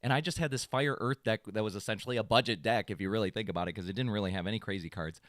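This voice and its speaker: A man co-hosting a casual podcast, telling a long story in an animated way and acting out quotes in a raised voice. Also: fairly low pitch, rapid-fire, no echo, clean studio sound. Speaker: podcast co-host. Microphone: studio podcast mic.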